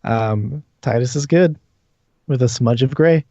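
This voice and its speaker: A man running a tabletop game as game master, narrating scenes and pausing when ruling on questions. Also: mid-range voice, warm tone, no room sound. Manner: descriptive, hesitant when ruling. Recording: dull dry audio.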